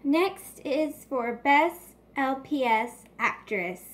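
A woman hosts a homemade award show for toy pets, announcing each category casually and hesitantly and clearing her throat. Her voice sits high and is expressive, and she speaks extremely slowly.

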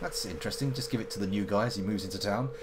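A man's voice: lowish voice, rapid-fire, noisy background. A man giving chatty, wry let's-play commentary as a game streamer. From United Kingdom. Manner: chatty, wry, reads characters aloud in silly voices.

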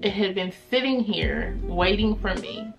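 A woman vlogging casually, telling a personal story in a chatty, expressive, faith-filled way. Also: mid-range voice, unhurried, gravelly, music in the background.

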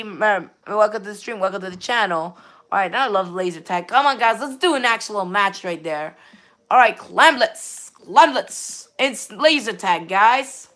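Rambling bright-voiced woman streamer. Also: medium pitch. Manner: rambling, keeps repeating "all right then"; reads viewer chat aloud and greets viewers. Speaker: game streamer. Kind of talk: live gameplay stream chat.

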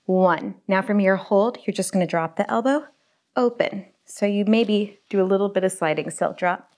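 A woman's voice: medium pitch, moderate pace, darkish tone. A young woman teaching a home pilates and barre class on a lapel mic, upbeat and encouraging as she counts reps. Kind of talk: cueing a home workout class. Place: home workout space. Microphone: lapel mic pack.

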